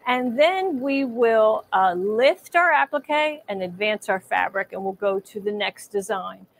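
A woman's voice: mid-range voice, expressive, a little slow, vocal fry. A middle-aged woman teaching machine embroidery in a live demonstration, chatty and reassuring, thinking aloud as she works.

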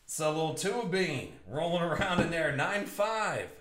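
A man's voice: fairly high pitch, sing-song, normal speed, fairly bright tone. Upbeat man hosting a live card break. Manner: upbeat, jokey banter with chat viewers. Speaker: box break host. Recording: echoey room with faint noise.

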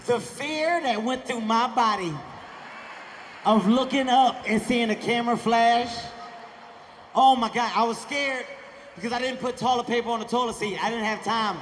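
A man telling animated stand-up stories on stage, acting out voices and shouting. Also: very high voice, normal speed, a little hiss or hum. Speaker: stand-up comedian. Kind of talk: stand-up comedy storytelling. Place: large theater stage with audience.

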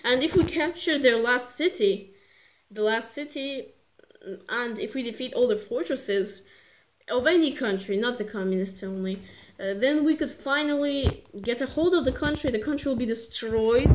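A woman's voice: a little high, moderate pace. A woman reviewing a strategy game in rambling, joking commentary that keeps interrupting itself. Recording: noisy recording with clicks.

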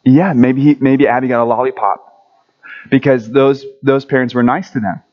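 A man giving a children's story at a church service, friendly and animated, asking the kids questions as he goes. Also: mid-range voice, moderate pace, muffled recording.

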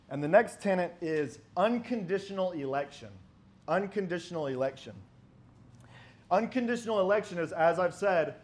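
A man preaching a sermon, arguing emphatically with rhetorical questions and reading old-style scripture aloud. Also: high-pitched.

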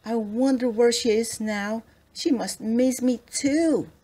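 A woman voicing a polite, gentle male teddy bear in a storybook read-aloud. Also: fairly high pitch, slow pace. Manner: polite and proper.

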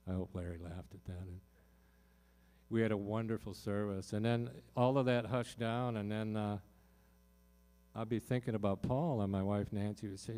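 A man with a lowish, mellow voice tells a personal story to a live audience from a concert stage. He talks loosely and from the heart, stacking up fillers and restarts as he goes. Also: steady tone, moderate pace. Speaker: singer-songwriter performing in concert.

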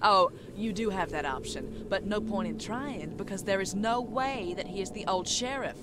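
A woman's voice: medium pitch, normal speed, natural voice. A woman voicing an aggressive Old West woman in a video game, with a drawling Western accent and a coarse, threatening manner. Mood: hostile. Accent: American Western. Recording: game audio with background noise.

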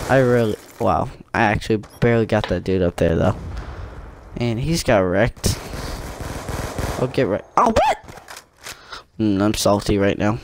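A young man giving excitable, joking commentary over his own gameplay, trash-talking and yelping at sudden moments. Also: lowish voice, poor audio. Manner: excitable, jokey trash talk with sudden yelps. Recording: faint gunfire and game noise. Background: gunfire from the game.

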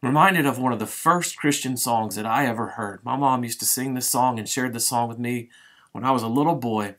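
Delivering a devotional sermon, a middle-aged pastor dramatizes the story vividly and eases off the pace to stress key moments. His voice is mid-range and a bit bright.

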